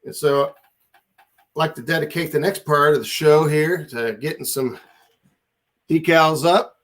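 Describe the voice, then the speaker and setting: A man's voice: fairly high pitch, unhurried, a bit bright. A man hosting a casual livestream chat, laid-back and rambling as he reads out viewer comments. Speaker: livestream host.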